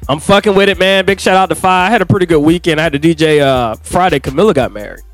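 A man's voice: fairly high pitch, fast, soft background music. A man co-hosting a podcast, teasing his co-host in slangy, profane banter. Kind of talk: casual chat.

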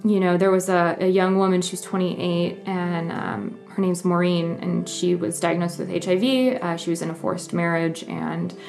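A young woman shares a personal story in an earnest, emotional way, stopping and restarting as she goes. Her voice sits low and has a gravelly fry to it. Faint music plays underneath. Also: fairly even intonation, moderate pace, hardly any pauses, darkish tone. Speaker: journalist.

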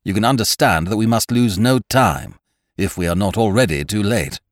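A man voicing a brisk middle-aged male doctor who speaks with urgency. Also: lowish voice, no echo, studio quality, lightly acted. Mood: urgent.

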